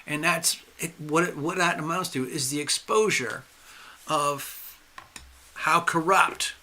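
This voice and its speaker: A man hosting a live astrology stream, speaking emphatically with drawn-out stresses and restarts while losing his voice. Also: fairly high pitch, sharp tone. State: losing his voice, clearing his throat. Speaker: astrology and tarot livestream host.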